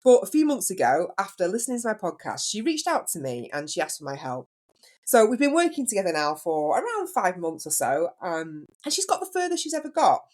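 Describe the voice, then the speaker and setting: A woman's voice: mid-range voice, sing-song, brisk, a little mellow. A woman hosting a solo podcast as a business coach, telling a story in a chatty way and putting questions to the listener.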